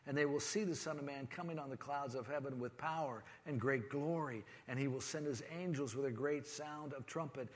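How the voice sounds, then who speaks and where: A man preaching a sermon as pastor, swinging between fervent rising passages and quiet, grave reflection. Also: mid-range voice, fairly quick, few pauses, in a large hall. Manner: preaching with rising, impassioned delivery.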